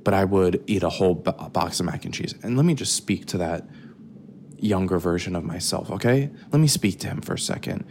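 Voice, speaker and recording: A man's voice: low voice, expressive, brisk, creaky, a little hiss or hum. An American young man hosting a podcast, rambling and joking with lots of swearing while snacking in his kitchen at night, recorded on a phone. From United States. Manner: profane, jokey, talks quietly with sudden loud bursts. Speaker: podcast host.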